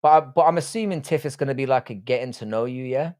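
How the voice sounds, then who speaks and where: Man, live streamer, casual chat, swears freely, mock-insulting banter, medium pitch. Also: fast, darkish tone. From England.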